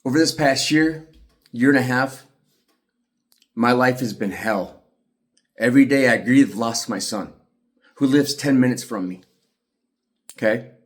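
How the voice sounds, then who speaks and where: A man's voice: medium pitch, a little slow, long pauses. A middle-aged man giving an agitated, profane monologue to the camera as an aggrieved father. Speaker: aggrieved father telling his story.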